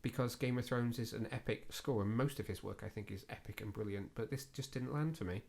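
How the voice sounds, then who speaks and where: A man's voice: medium pitch, brisk, gravelly, darkish tone, a little hiss or hum. Chatty man on a podcast. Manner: chatty, self-deprecating, many fillers. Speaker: podcast co-host. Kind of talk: casual chat.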